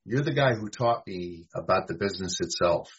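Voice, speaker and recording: A man from New York with a low, husky voice talks fantasy baseball. He hesitates often and fills gaps with ums, and the recording sounds dull and lo-fi. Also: expressive, moderate pace. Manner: hesitant, lots of ums and restarts. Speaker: fantasy baseball guest, former editor. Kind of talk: casual sports chat.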